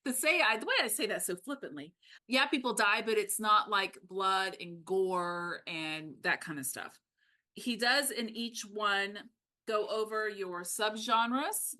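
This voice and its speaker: A woman co-hosting a podcast, talking casually and animatedly about a book, with quick asides. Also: mid-range voice, pushed and bright. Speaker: podcast co-host.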